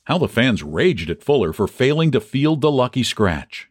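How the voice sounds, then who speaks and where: A man's voice: medium pitch, very animated, moderate pace, slightly rough, dry recording, clean studio sound. A man narrating a story as an audiobook reader, reading it expressively and calling out the crowd's cries. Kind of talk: scripted narration of a classic baseball story.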